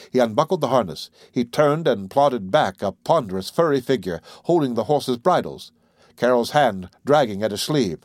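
A man narrating an audiobook in a steady, measured reading style. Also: medium pitch, no room sound, clean studio sound.

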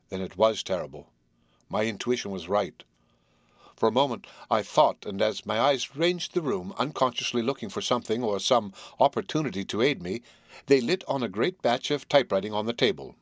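A man narrating a classic novel as an audiobook in a measured, even storytelling voice. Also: on the low side, no echo. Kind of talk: scripted narration.

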